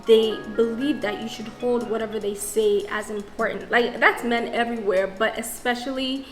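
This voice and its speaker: A young woman of the Nigerian diaspora speaks straight to camera in a reflective vlog, frank and self-questioning, restarting sentences as she thinks aloud. Her voice sits on the high side with a steady tone at normal speed, recorded in an echoey room with faint music.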